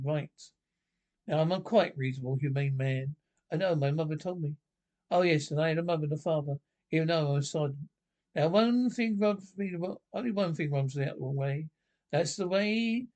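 An actor playing a blustering middle-aged army drill sergeant in a 1950s British film comedy. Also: male voice, a little high, darkish tone, close to an everyday voice. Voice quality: brisk barking commands.

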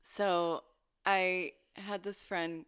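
A woman's voice: lowish voice, steady tone, extremely slow, fairly bright tone, smooth. A young woman co-hosting a podcast, telling a story in a casual chat, giggling and swearing freely. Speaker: podcast co-host.

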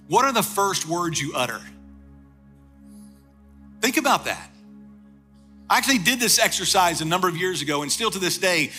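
Animated, bright-voiced male preacher. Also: high voice. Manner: storytelling, emphatic repetition. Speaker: pastor. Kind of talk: sermon.

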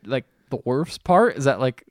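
A man's voice: medium pitch, very animated, moderate pace, dry recording, clean studio sound. A man hosting a podcast, casually recapping a movie, rambling and swearing. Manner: rambling, swears freely, acts out lines. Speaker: podcast host.

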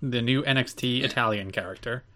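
A man's voice: mid-range voice, fairly quick, sharp tone. A young man co-hosting a podcast in casual banter, with a dry teasing wit and bits of mock outrage. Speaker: podcast co-host.

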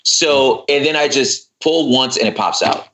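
A man's voice: medium pitch, a little slow, pushed and bright, rough recording. A man in casual podcast chat, telling a story with animation and acting out his own frustration. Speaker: podcast guest.

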